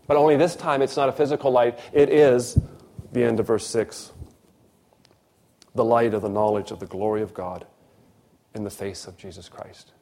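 A middle-aged preacher, mid-range in voice and moderate in pace, shares a personal story from the pulpit and pauses often. He alternates with lively energy between loud emphasis and quiet, hushed asides.

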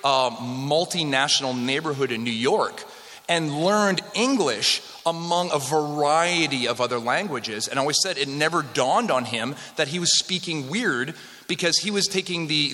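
With a pushed, bright voice on the high side, a man from Western Canada delivers a conversational history lecture before a live audience, bantering with the room. The recording carries a long hall reverb.

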